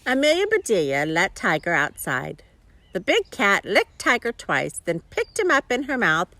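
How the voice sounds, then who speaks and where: Animated woman reading a storybook. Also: medium pitch, normal speed. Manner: animated, expressive, chuckling asides. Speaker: storybook reader. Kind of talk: children's story read-aloud.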